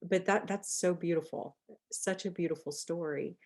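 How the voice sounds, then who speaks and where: A woman's voice: fairly low pitch, fairly even intonation, normal speed. Affirming woman podcast host. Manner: warmly affirming, laughs often. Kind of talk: casual interview chat.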